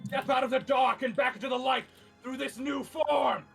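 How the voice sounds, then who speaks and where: A man voicing an excitable young male summoner in a tabletop game, speaking a theatrical incantation. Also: on the high side, normal speed, faint music behind, rough recording. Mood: fervent. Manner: theatrical incantation, builds to shouting.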